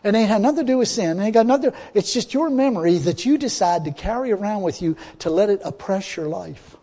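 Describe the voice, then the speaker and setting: A man preaching a sermon in a folksy way, chuckling often and rising to loud exhortation. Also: high voice, lively intonation, quick pace. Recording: long hall reverb.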